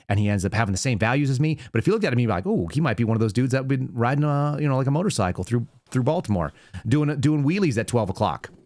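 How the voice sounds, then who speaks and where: A male podcast host rattling off a rambling, conversational monologue at a quick clip, full of fillers. His voice sits at a middle pitch. The sound is dry and close, with no room echo. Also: a little mellow. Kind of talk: casual show monologue.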